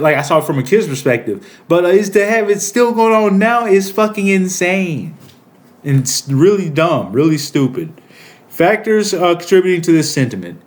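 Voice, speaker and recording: A man in his thirties giving heated political commentary, profane, rambling and indignant. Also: a little high. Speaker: political commentary channel host.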